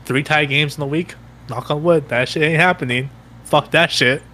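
A man's voice: fairly high pitch, normal speed, pushed and bright. A man co-hosting a casual podcast, laid-back and profane as he talks football. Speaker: podcast co-host. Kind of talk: casual chat.

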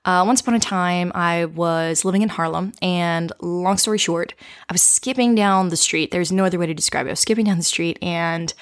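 A woman hosting a show, telling a personal story as a lesson in a playful, animated way, often checking in with "right?" and laughing. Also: on the low side, a little fast. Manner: animated, with frequent tag questions. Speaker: podcast host.

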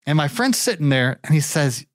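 A man's voice: moderate pace, dry recording, studio quality. Man telling a rambling story. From Ohio. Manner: rambling, animated, pitches up for quoted voices. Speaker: show regular telling a story. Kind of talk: casual storytelling.

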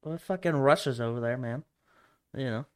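A young man chats loosely on a podcast, swearing freely and laughing between his rambling thoughts. His voice sits at an ordinary middle pitch. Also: moderate pace, clean tone. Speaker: podcast co-host. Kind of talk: casual chat.

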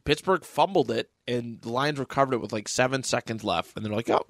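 A man co-hosting a casual sports podcast, reading out drives and stat lines with jokey asides. His voice sits at a middle pitch. The sound is close and dry, recorded in a small home studio. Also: a little fast, no echo. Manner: reads off game scores with jokey asides. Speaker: podcast co-host. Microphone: desk mic in a home studio.

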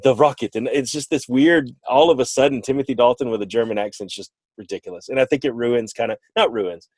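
A man's voice: medium pitch, fast talker, a little mellow, no room sound. A man co-hosting a podcast, chatting casually in a rambling, playful way and often correcting himself. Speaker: podcast co-host. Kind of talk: casual chat.

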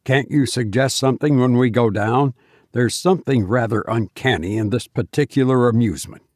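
A man reading a ghost story aloud, voicing a hushed, uneasy young woman who talks in a soft, confiding whisper. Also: medium pitch, moderate pace, no room sound, studio quality, natural voice.

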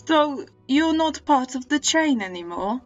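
A woman's voice: high voice, animated, unhurried, soft background music. Pushy woman player, dull lo-fi sound. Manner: pushy, insistent. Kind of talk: in-character tabletop play. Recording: dull lo-fi audio.

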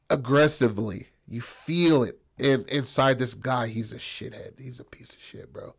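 A man's voice: mid-range voice, moderate pace, creaky, few pauses. A man improvising a crude comic story, rambling and profane, checking in with "bro" and "right?".

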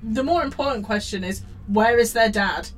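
A woman's voice: on the high side, moderate pace, soft background music. A woman co-hosting a podcast who keeps dropping in dry, wry jokes during a casual chat. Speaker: podcast co-host.

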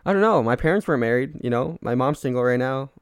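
A man's voice: medium pitch, expressive, quick pace, smooth, dry recording, studio quality. A young man chatting casually on a podcast, rambling and self-mocking, laughing often. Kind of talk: casual chat.

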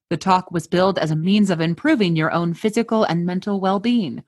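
A woman hosts a podcast, mixing chatty banter with a scripted story. Her delivery is playful and jokey, at a middling pitch for a woman. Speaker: podcast host. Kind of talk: casual chat and scripted storytelling.

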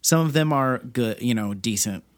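A man co-hosting a podcast, explaining movie details in a relaxed, casual way with lots of fillers. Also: medium pitch, normal speed, dry recording, clean studio sound. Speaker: podcast co-host.

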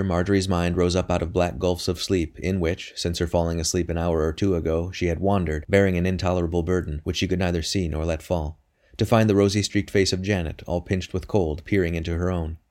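A man narrating a novel in a measured, steady audiobook reading. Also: deep voice. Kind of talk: scripted narration.

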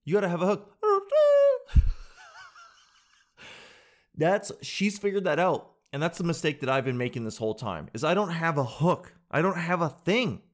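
A man's voice: on the high side, fairly quick, few pauses. A man hosting a reaction video, talking casually and animatedly to his viewers and laughing often. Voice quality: animated, laughing, addresses viewers as guys and dude.

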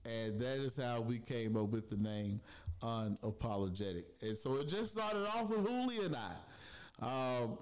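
Man, podcast host, casual storytelling, chatty, mid-pitched voice, quoted asides. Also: lively intonation, a little slow.

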